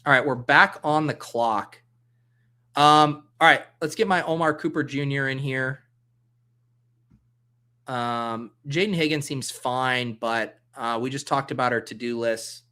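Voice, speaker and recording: A man's voice: mid-range voice, unhurried, bright, forceful tone. A man hosting a casual livestream, thinking aloud as he drafts and answering chat comments in a loose, joking way. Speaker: livestream host drafting fantasy football.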